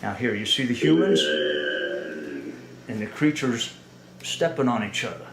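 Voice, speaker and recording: A man at a mid-range pitch gives an explanatory lecture, earnest and analytical. He often restarts phrases and pauses to ask "right?". The sound carries a noticeable roomy echo. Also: lively intonation, background noise. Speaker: presenter.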